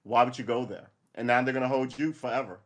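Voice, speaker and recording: A man's voice: mid-range voice, steady tone, quick pace. A man hosting a casual live-stream podcast, ranting in a rambling, wry way that wanders off on tangents. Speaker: podcast host.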